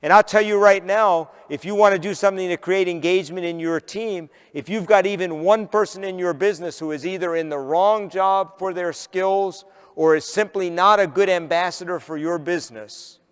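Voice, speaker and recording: A man's voice: high voice, moderate pace, clean tone. Storytelling male keynote speaker, hall reverb. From northern United States. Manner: lively storyteller, punchy rhetorical questions to the audience. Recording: long reverb of a large hall.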